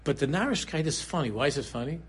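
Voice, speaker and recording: Animated husky rabbi yeshiva English. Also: male voice, quick pace. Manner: animated storyteller, swings between low murmurs and sudden high exclaims. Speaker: rabbi giving a Torah class. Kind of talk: Purim shiur sermon.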